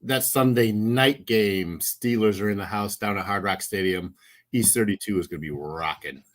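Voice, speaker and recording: A man's voice: fairly low pitch, normal speed. A man guest on a sports podcast, talking in casual chat with a hyped, joking manner and easy laughs.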